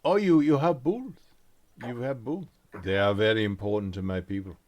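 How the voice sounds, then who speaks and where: A man's voice: fairly low pitch, moderate pace, a little mellow, lightly acted. A man voicing a huge, welcoming olive merchant who talks in broken, repetitive sales patter. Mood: eager.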